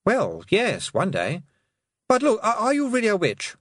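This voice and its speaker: Male narrator voicing a flustered boy heir, stammering, high and strained. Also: wildly swooping pitch, unhurried, husky, no room sound, studio quality, heavily acted. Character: nervous young nobleman's son, boy.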